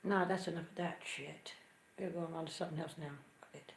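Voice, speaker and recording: A woman streamer chats in a blunt, offhand way. Her voice sits fairly low, with faint room ambience behind it. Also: steady tone, brisk, vocal fry, slight background noise. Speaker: live streamer. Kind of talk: casual chat.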